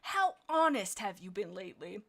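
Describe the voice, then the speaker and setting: A woman reading aloud the lines of a wounded but unbothered male warrior cat in a fan fiction, flat and accusing. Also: lowish voice, normal speed. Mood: grim.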